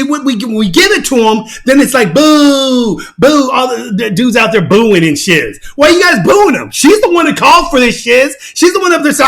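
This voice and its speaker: An excitable man talks over a fight video in casual commentary, laughing and repeating himself. His voice is very high and bright, and it swoops up and down in a lively way. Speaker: channel host.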